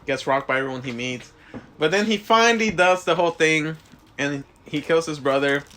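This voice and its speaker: A man's voice: on the high side, moderate pace, a bit bright, slight background noise. A young man co-hosting a casual podcast, crude and joking, ranting with mocking impressions. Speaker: podcast co-host. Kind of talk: casual chat.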